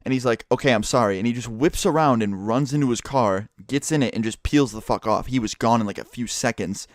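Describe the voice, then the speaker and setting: Young man, rapid-fire storytime vlog, profane and animated, dry close sound. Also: mid-range voice, dry recording. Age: young adult. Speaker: YouTuber telling a story.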